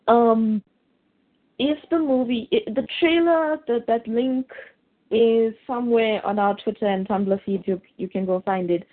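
A woman chatting casually as a podcast co-host, excitable and gushing. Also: on the high side, measured pace. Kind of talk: casual chat. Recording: tinny phone-like line.

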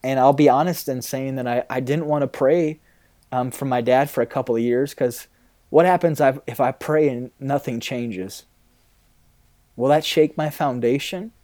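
A man's voice: mid-range voice, normal speed, mellow. A man in his thirties, a pastor, talking candidly in a casual interview, rambling a little with fillers.

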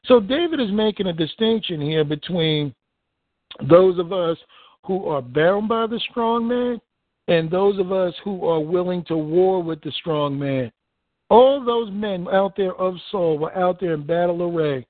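A man with a high voice preaches a fervent sermon, reading scripture and pressing each point with emphasis. The sound is thin and phone-like, with a dry, close feel. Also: unhurried, dry recording. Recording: tinny phone-like dry recording.

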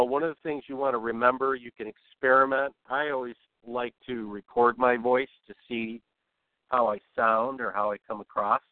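A man giving an informal spoken lesson on voice use, relaxed and rambling with many fillers and restarts. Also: mid-range voice, no echo. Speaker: voice coach. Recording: tinny, dry phone-like sound.

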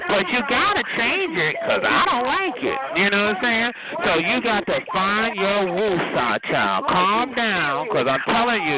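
Sassy high-pitched man on a phone line. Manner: sassy, flamboyant, calls everyone child and honey. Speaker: caller on a phone party line. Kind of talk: trash-talking phone banter. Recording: tinny phone line with loud crowd noise.

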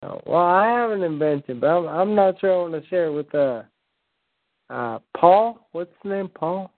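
A man's voice: sits high, animated, normal speed, no room sound. Rambling man on a tinny call. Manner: rambling, stammering restarts. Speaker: prank call host. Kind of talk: casual chat on a voice call. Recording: tinny phone-like call audio, dry.

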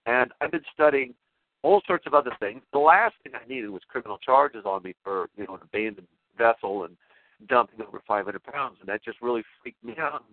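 A male talk show host in a rambling spoken monologue, excitable and emotional, often restarting his sentences. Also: medium pitch, fairly quick, dry recording. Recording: tinny phone-line sound, dry.

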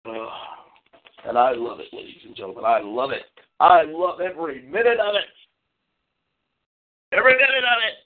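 A man's voice: medium pitch, very animated, a little fast. A man hosting a call-in show, delivering a brash, boastful and profane monologue. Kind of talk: solo call-in radio monologue. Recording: phone-like lo-fi call-in audio.

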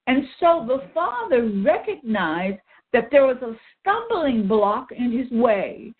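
A woman's voice: fairly high pitch, sing-song, takes it slowly. A woman leading a Bible study, reading old-style scripture and then explaining it earnestly. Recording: tinny phone line.

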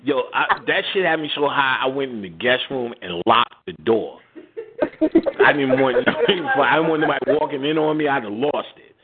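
Animated man telling a story over a tinny line. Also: mid-range voice, normal speed. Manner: animated, laughing, slangy, acts out quotes. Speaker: radio show host. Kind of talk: casual storytelling chat. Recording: tinny phone-like line with clear noise.

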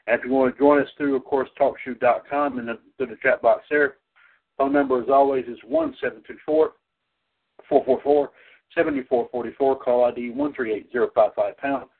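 A man hosting a wrestling call-in podcast, rambling with many restarts and repeated "ladies and gentlemen". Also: mid-range voice, steady tone, fairly quick. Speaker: podcast host. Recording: tinny phone-line audio.

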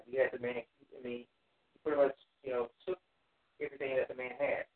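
A man leading a Bible study, reading verses aloud slowly and then explaining them in plain words with "you know" fillers. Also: mid-range voice, fairly even intonation, far from the mic. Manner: reads verses in slow, measured King James phrasing, then explains plainly with fillers. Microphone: phone or call line. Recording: tinny phone line with roomy echo.

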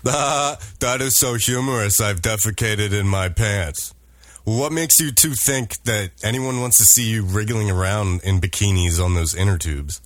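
A man's voice: lowish voice, normal speed, no echo, lightly acted. A man voicing a sarcastic smart-aleck young man in an amateur audio drama. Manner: sarcastic, mocking.

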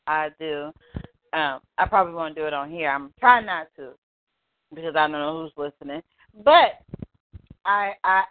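A woman co-hosting a talk show, answering in a measured way with a few hesitant restarts. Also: low voice. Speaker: podcast co-host. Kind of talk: casual chat. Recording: tinny phone-like line.

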